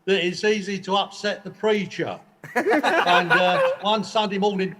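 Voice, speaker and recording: High-voiced chatty Cockney man. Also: expressive, measured pace, a bit bright. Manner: chatty storyteller, friendly. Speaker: guest. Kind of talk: casual chat.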